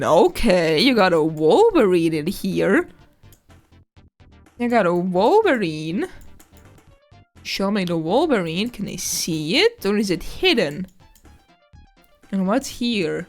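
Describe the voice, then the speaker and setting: Slow-talking excitable woman streamer. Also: medium pitch, soft background music. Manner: excitable, squeals at animals, swears casually. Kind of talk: casual live-stream chatter.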